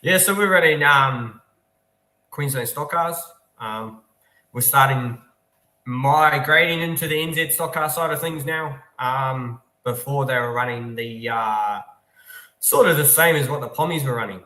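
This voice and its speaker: A man from New Zealand talks through his racing in a relaxed, casual way, dotting his sentences with ums. His voice is bright and forward. He sounds like he is in a roomy, echoing space. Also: medium pitch, a little slow. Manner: easygoing, technical, many ums. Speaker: guest racing driver. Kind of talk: casual interview. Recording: echoey room.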